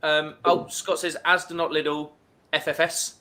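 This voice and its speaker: Bright-voiced man reading chat comments. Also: on the high side, little pitch movement, unhurried. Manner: reads out viewer comments chattily. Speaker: live stream host. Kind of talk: casual live stream chat.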